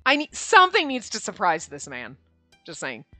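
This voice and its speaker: A woman's voice: mid-range voice, normal speed, dry recording, soft background music. A young woman streamer playing a visual novel, ranting and laughing with lots of swearing. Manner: animated, profane, laughing rants. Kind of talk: let's play commentary, reading aloud.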